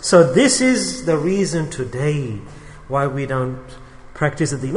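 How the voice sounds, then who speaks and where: A man's voice: expressive, a little slow, a little mellow. Man preaching a sermon in an echoing hall. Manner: storytelling, acting out quoted people with rising pitch. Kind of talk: sermon with told parable.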